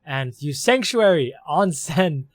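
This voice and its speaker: Running a tabletop role-playing game, a game master narrates the scene in long run-on sentences, chaining clauses together with "as." His voice is fairly high and expressive, and he speaks slowly over crowd noise.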